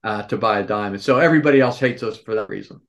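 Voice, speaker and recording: A man's voice: on the low side, quick pace. A man in his sixties, a store owner, telling stories as a podcast guest and acting out the people in them. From Philadelphia area. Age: 60s. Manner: animated storyteller, acts out quoted voices. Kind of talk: storytelling interview answers.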